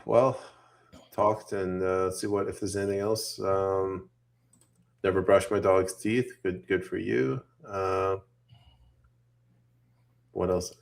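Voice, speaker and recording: A man's voice: sits low, fairly even intonation, slow pace, gravelly, long pauses. A man from Canada co-hosting a casual political podcast, joking, laughing often and reading audience comments aloud.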